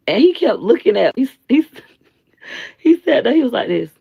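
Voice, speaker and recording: A woman hosting a live stream, giving blunt, slangy commentary and telling stories in an animated way. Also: a little high, moderate pace, vocal fry, breathy edge, phone-quality sound. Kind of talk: casual commentary and storytelling.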